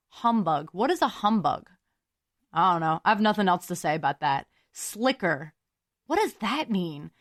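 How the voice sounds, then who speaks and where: A woman's voice: mid-range voice, no echo, studio quality. A young woman hosting a solo podcast, musing aloud in a chatty, giggly way. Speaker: podcast host.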